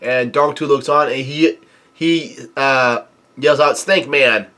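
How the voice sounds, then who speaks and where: A man reading a comic chapter aloud and commenting as he goes, hesitant with many fillers and easily excited. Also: medium pitch, slow pace. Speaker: manga reviewer. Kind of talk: casual read-through commentary.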